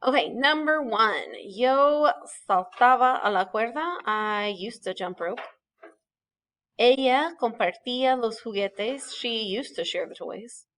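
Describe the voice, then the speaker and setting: A woman's voice: a little high, expressive, slow, a bit bright. A woman, teaching a recorded classroom lesson in a patient, explanatory way, with fillers and small self-corrections. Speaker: Spanish teacher.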